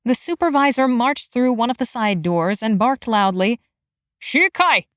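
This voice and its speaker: A woman narrating a fantasy romance audiobook in an even, measured storytelling manner. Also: a little high, no echo, clean studio sound.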